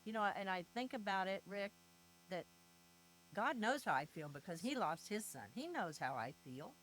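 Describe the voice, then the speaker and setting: A woman's voice: medium pitch, lively intonation, normal speed, fairly bright tone, a little hiss or hum, rough recording. Earnest older woman, faith-centered. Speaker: grieving mother and guest. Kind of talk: heartfelt conversational interview.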